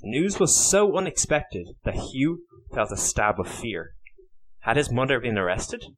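A man narrating a historical novel chapter by chapter, his pitch in the middle range for a man. He reads in a measured, even storytelling manner. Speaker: audiobook narrator. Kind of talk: scripted narration.

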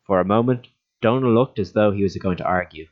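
Male audiobook narrator, lowish pitch, steady telling, muffled sound. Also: a little fast. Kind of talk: audiobook storytelling. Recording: dull lo-fi recording.

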